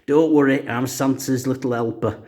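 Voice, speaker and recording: A man voicing a cheerful grown man dressed as Santa's elf, talking in a bright, reassuring way. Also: medium pitch, fairly even intonation, normal speed, lightly acted. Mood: cheery.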